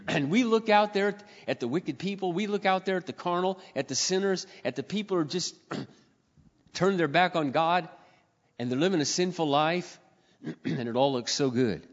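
Middle-aged male pastor, lively sermon delivery with big pitch swings, frequent throat clearing, dull recording in a reverberant hall. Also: measured pace. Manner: swings from loud, high exclamations to quiet asides.

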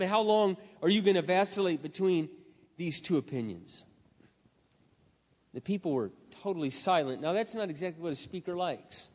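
High-voiced male preacher in a reverberant hall. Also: animated, moderate pace. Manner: dramatic storyteller, swings from loud to hushed. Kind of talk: sermon retelling a scripture story. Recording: reverberant hall, dull lo-fi sound.

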